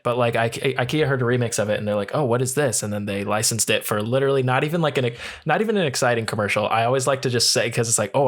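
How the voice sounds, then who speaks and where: A young man co-hosting a podcast from home over a voice call, reading quiz questions and chatting loosely with casual swearing. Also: mid-range voice. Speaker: podcast co-host. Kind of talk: casual chat, quiz host. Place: home room, remote call. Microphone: voice call over internet.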